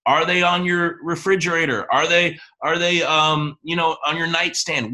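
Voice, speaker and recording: A man hosting an online business training, coaching listeners with energetic rhetorical questions before handing over to a guest. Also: a little high, moderate pace, hardly any pauses. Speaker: host and team leader. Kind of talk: motivational training talk.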